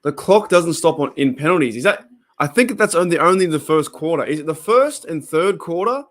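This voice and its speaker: Excitable Australian man calling plays. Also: a little high, a little fast. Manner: rambling, excitable play-by-play chatter. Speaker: live stream host. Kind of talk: casual live game reaction.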